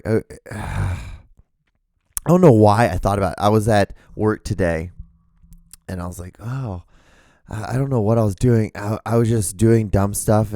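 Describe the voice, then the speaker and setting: A man's voice: fairly low pitch, darkish tone, no echo, clean studio sound. A man in his thirties telling a rambling, profane personal story on his solo podcast, with many restarts. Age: 30s. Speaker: podcast host.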